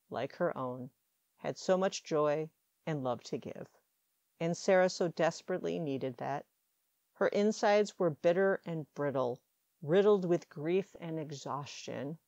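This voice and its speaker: Woman audiobook narrator, deep voice, dry close recording, steady storytelling. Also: no echo, highs cut off. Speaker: audiobook reader. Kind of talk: fan fiction audiobook narration.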